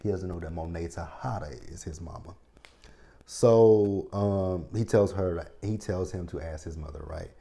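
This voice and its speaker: A man in his thirties with a low, deep voice and a mellow, dark tone rants his way through a TV episode recap. He talks straight to his viewers in a blunt, profane, casual way. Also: a little slow, creaky. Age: 30s. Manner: blunt, profane, ranting commentary. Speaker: TV episode reviewer.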